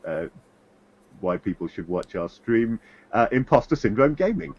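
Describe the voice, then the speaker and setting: A man chatting casually as a tabletop game player, explaining things in a measured way. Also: mid-range voice, sing-song, darkish tone, lo-fi sound. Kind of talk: casual chat.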